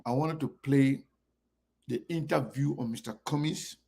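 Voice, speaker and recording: Gravelly host greeting viewers. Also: male voice, mid-range voice, unhurried. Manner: warmly greets viewers by name, one after another. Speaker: online show host. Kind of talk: casual live-stream chat.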